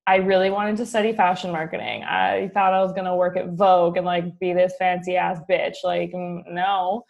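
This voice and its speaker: A woman's voice: on the low side, level tone, normal speed, vocal fry, a little mellow, dull audio. A young woman chatting casually, laid-back and wry. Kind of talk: casual chat.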